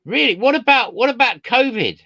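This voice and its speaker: Lively bright-voiced man, deadpan host. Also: extremely high pitch, brisk, no room sound. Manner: mock-serious questioning, playing along. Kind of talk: deadpan comedy interview.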